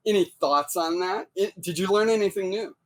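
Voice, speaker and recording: A man's voice: high voice, moderate pace. A man co-hosting a casual interview podcast over a video call, chatty and playful. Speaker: podcast co-host.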